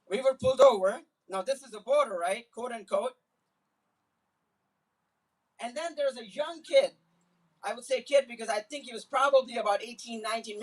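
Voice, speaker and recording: A man giving an impassioned public speech at a community event, telling personal stories and building to forceful, emphatic repetition. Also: very high voice. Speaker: community speaker at a solidarity event. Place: Islamic center event. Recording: voice picked up from a distance.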